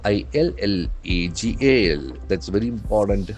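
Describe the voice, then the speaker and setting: A man with an Indian English accent teaching English vocabulary from the day's newspaper, spelling words letter by letter and repeating them slowly for practice. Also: fairly low pitch, animated, darkish tone. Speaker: English trainer. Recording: faint music behind.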